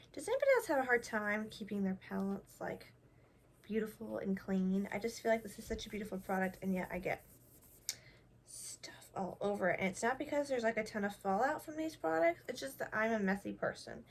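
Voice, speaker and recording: A young beauty vlogger keeps up a fairly quick, lively patter in a mid-range voice while testing makeup. The tutorial is casual and chatty, and she jokes about herself as she works.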